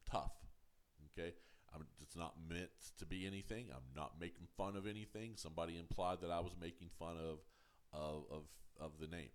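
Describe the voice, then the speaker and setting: A man hosting a casual show review to camera, halting and full of ums and uhs, firm when answering critics. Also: low voice. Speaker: show reviewer, channel host.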